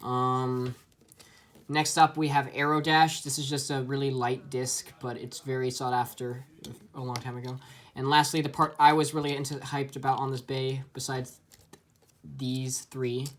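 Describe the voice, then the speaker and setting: Man, casual toy review, chatty, lots of ums, average pitch. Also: level tone, moderate pace, a bit bright.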